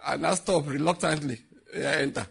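A man's voice: a little high, a little fast, gravelly, slight background noise. A middle-aged man from Nigeria telling funny stories and giving advice to young people, often breaking into laughter. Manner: laughing often, lively storyteller, preachy asides. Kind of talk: animated storytelling talk.

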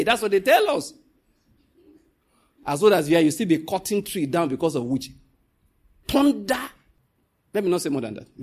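A man preaching a sermon, telling stories and scolding his listeners, with a husky voice. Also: fairly quick. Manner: animated, swings from loud scolding to low storytelling.

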